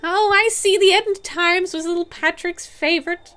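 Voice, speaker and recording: A woman's voice: very high voice, fairly even intonation, normal speed, fairly bright tone, pitched above the performer's own voice. Woman playing a creepy sweet old granny. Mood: sweetly sinister.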